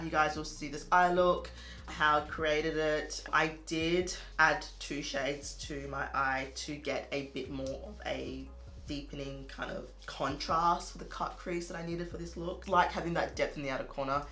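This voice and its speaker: An Australian beauty vlogger reviews makeup in a chatty, casual vlog, saying "like" constantly and laughing at herself. Her voice is lowish, bright and forceful. She records in an echoey room at home.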